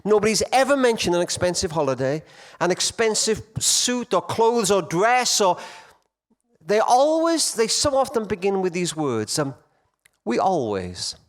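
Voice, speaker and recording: A middle-aged man speaks from a stage to a hall of men, his voice rising high and dropping low as he tells his stories. His pitch sits fairly high for a man and moves very freely. He swings between loud emphasis and near-hushed lines. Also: very animated, a little slow. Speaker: conference speaker. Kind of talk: storytelling talk to men.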